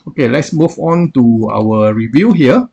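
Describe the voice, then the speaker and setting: Halting man with a gravelly husky voice. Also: mid-range voice, expressive, warm tone, muffled recording. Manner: halting, filler-heavy, repeats "what I call". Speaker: software reviewer. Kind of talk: screen-recorded software demo.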